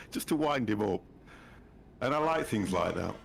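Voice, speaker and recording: A man's voice: fairly low pitch, animated, takes it slowly, gravelly. A man in his fifties chatting casually as host of a gaming stream, teasing and laughing often. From United Kingdom. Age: 50s. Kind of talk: casual chat while gaming. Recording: noisy game-stream audio.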